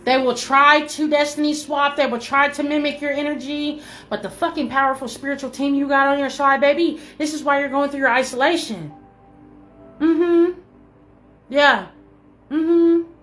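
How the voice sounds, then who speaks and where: A woman's voice: sits high, fairly even intonation, moderate pace, a bit bright, faint music behind. A woman delivering a spiritual message to her viewers, emphatic and repetitive, swearing freely and calling the listener baby. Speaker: spiritual reader.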